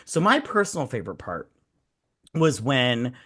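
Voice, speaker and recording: A man's voice: medium pitch, big pitch swings, normal speed, bright, forceful tone, breathy edge. Profane, rambling male podcast host. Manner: profane, rambling, mimics people in mocking quoted voices. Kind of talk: casual drinking-show movie chat.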